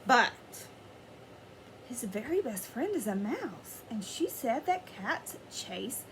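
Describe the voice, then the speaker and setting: A woman teacher reading a picture book aloud to children in an expressive way, pausing to ask them questions. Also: fairly high pitch, noisy background. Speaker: elementary school teacher. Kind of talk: children's story read-aloud.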